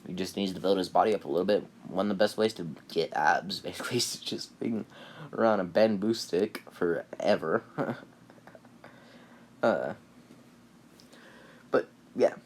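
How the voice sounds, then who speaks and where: Deep-voiced man rambling through a fan story. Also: a little slow, pauses often, slight background noise. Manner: rambling with fillers, laughs at own jokes. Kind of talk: casual fan story retelling.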